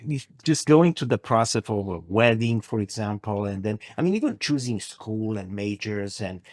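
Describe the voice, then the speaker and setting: A man's voice: on the low side, animated, moderate pace, no echo, studio quality. A man from Romania guesting on a podcast, speaking hesitantly with many fillers and some jokes. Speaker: guest, family ministry worker. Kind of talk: casual conversation.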